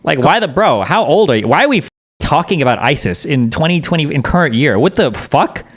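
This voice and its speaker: A man's voice: fairly high pitch, very animated, brisk. A man streaming casual commentary as he reacts to a debate, blunt, profane and sarcastic.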